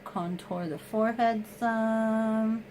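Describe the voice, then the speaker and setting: A woman's voice: on the high side, steady tone, slow pace, a little mellow, a little hiss or hum, low-quality recording. A woman chatting casually through a makeup tutorial at home, explaining each step and joking about herself. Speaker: beauty vlogger.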